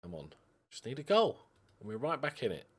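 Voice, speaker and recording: A young man talks his way through a football management game. His pitch moves a lot as he coaxes and scolds his squad. It is casual commentary at a normal middle pitch. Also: fairly quick, husky. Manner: animated, talks to the players on screen, yelps in frustration. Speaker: gaming YouTuber. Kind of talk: casual let's-play commentary.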